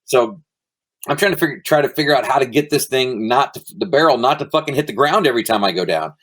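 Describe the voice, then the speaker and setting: A middle-aged man, a former soldier, telling stories casually as a podcast guest, relaxed and swearing, with many fillers. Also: medium pitch, fast. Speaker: guest, former Army Ranger. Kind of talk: casual storytelling interview.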